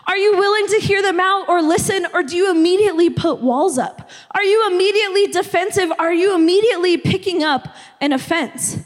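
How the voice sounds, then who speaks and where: A woman's voice: very high-pitched, a little fast, hardly any pauses. A young woman from the United States who preaches a conversational sermon as a youth pastor and keeps checking in with "okay?". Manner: conversational, repeatedly asking "okay?". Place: church hall. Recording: long church hall reverb.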